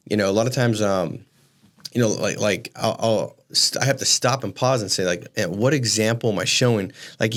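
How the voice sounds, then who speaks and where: Fast-talking man, animated storyteller. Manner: animated storyteller, rises in pitch for emphasis. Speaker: podcast co-host. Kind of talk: casual podcast conversation.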